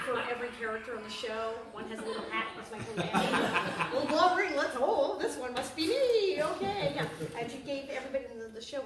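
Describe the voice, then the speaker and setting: A woman tells lively stories at a live interview, breaking into little acted voices along the way. Her voice sits fairly high, and she is picked up from a distance in an echoing room with noise underneath. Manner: animated, laughing, acts out quoted voices. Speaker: interview guest, actress. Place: bookshop event space. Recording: echoey room, mic at a distance, audible noise.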